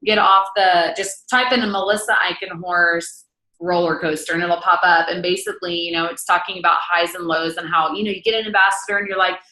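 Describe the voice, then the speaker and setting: A woman's voice: lowish voice, steady tone, brisk, pushed and bright, roomy sound, low-quality recording. A woman in her thirties leading a casual book-study talk, blunt and matter-of-fact. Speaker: team leader hosting a book study.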